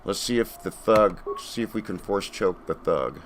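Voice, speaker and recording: A man's voice: low voice, lively intonation, normal speed, slight background noise. A man casually commenting as he streams a video game from home, laid-back and chatty, talking to himself.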